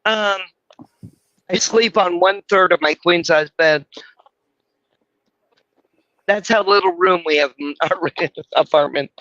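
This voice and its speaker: A live stream host chatting casually and excitably, swearing freely. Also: medium pitch, slow pace, long pauses, no room sound. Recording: dull, muffled dry sound.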